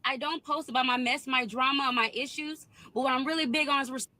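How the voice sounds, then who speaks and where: A woman's voice: sits high, fairly even intonation, a little fast, bright, forceful tone, no echo, low-quality recording. A young woman telling an indignant, emphatic storytime complaint about a nail salon. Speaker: storyteller in a clip.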